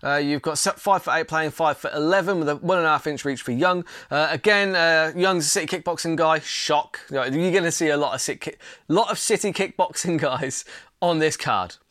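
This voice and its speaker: A man's voice: a little high, a little fast, fairly bright tone, dry recording, studio quality. A young man hosting a casual, blunt and opinionated fight card preview. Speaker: MMA channel host.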